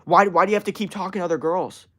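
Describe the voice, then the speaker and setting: A man's voice: sits high, fairly even intonation, rapid-fire, bright, forceful tone, pitched above the performer's own voice. A whiny, clingy young girlfriend, put on by a man in a raised, nagging voice. She pleads and repeats herself, sounding hurt and demanding. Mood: whiny pleading. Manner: pleading, repetitive whining.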